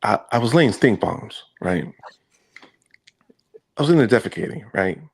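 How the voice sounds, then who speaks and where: A man's voice: fairly low pitch, expressive, normal speed, husky. A man co-hosting a podcast, telling a story in casual chat with crude jokes and lots of repeated words. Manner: crude joking, repeats himself. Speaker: podcast co-host.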